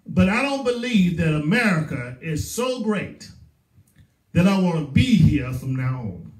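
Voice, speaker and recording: A man's voice: fairly high pitch, sing-song, measured pace. A male pastor with a Southern US accent, preaching a sermon with emphatic repetition. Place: church sanctuary. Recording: roomy echo, voice from far off.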